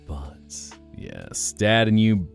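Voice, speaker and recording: A man's voice: fairly low pitch, wildly swooping pitch, very slow, vocal fry, soft background music. A man streaming as a VTuber, chatting casually with his live chat in a playful, teasing way with joking mock denials.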